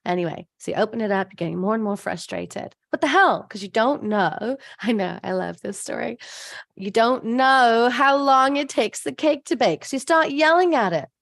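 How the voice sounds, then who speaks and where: A woman hosts a casual live stream, chatting straight to her viewers and breaking into frequent laughs. Her voice sits a little high with a gravelly, fried edge. The sound is close and dry. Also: moderate pace, no echo. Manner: chatty, laughs often, acts out voices in a story. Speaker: host of a live stream, abundance coach.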